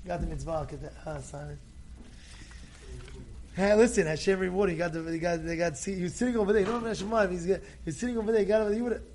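Very high-voiced man giving a lively sermon. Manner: lively storyteller, repeats words, acts out quotes. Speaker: rabbi. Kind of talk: storytelling Torah talk.

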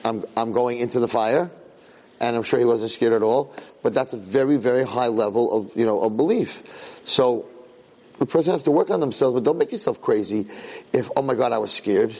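A middle-aged man giving a Torah lecture as a rabbi, talking at a medium pitch. He tells personal stories with animated emphasis and often doubles back to repeat and restart his words. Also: moderate pace, rough recording.

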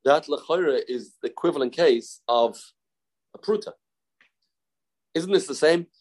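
A man's voice: fairly high pitch, a little slow, darkish tone, poor audio. A man teaching a Talmud study lesson in a conversational way. He repeats his points, gives everyday examples and mixes English with Hebrew and Aramaic study terms.

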